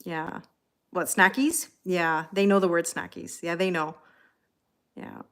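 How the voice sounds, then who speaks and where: Lady on a live stream chatting w/ viewers, kinda low voice, thanks everyone by name. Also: steady tone, slow, fairly bright tone. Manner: chatty, reads out viewer names and thanks them; talks to her cats between comments. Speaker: tarot reader hosting a livestream. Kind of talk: casual chat with live viewers.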